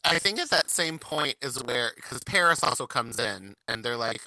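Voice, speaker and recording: A man co-hosting a podcast, chatting casually, excitable and sarcastic, stumbling over restarts. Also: mid-range voice, normal speed, no room sound, poor audio. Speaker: podcast co-host. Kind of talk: casual recap chat.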